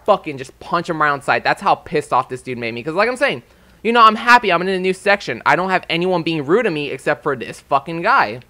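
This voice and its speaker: A young man talks straight to his audience in a loose, heated rant, swearing freely. His voice sits a little high, with a bright, forceful edge. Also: expressive, fairly quick. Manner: profane and heated. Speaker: vlogger. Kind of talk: casual rant.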